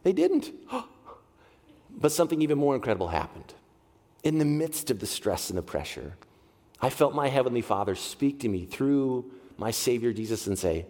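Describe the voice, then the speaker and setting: A man's voice: mid-range voice, big pitch swings, normal speed, a little mellow. A middle-aged man preaching a heartfelt sermon as a pastor, leaning on repeated phrases. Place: church sanctuary. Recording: long hall reverb.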